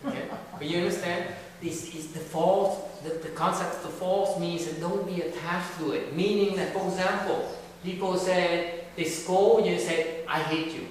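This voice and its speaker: A man giving a Buddhist dharma talk, animated, switching between English and Vietnamese and repeating words. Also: high voice, normal speed. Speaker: Buddhist teacher. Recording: echoey hall, recorded from far off, noisy.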